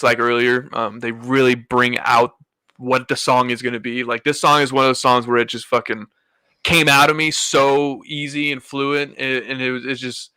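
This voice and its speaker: Bright-voiced easygoing young man. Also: mid-range voice, dry recording, low-quality recording. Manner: loose, rambling, easygoing. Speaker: guest musician. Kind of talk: casual interview chat.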